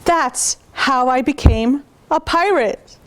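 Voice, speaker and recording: High-voiced woman reading to preschoolers. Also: a little hiss or hum. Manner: pauses to point out pictures to listeners. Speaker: preschool storytime reader. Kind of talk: reading picture books aloud to children.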